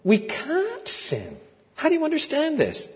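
Older man, sermon, animated storytelling, loud emphatic peaks, long hall reverb, dull muffled sound. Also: very high-pitched, measured pace. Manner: animated storytelling with big swings in loudness. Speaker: preacher.

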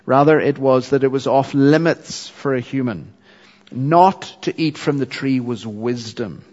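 A man preaching an expository sermon with earnest, steady teaching and occasional ums. His voice carries a long reverb, as if recorded in a large hall. The sound is somewhat dull and lo-fi. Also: mid-range voice, a little slow.

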